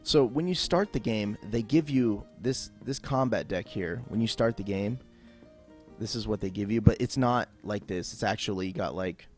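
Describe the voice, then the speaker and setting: A man's voice: lowish voice, moderate pace, faint music behind. A man talking through a game tutorial off the cuff, casual and rambling with lots of fillers. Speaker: gameplay tutorial host. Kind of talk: unscripted game tutorial voice-over.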